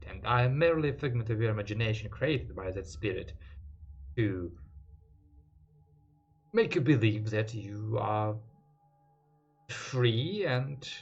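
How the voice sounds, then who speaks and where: A man as a formal, measured NPC. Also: fairly low pitch, dull audio. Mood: ominous. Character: polite, wary male NPC speaking with the party.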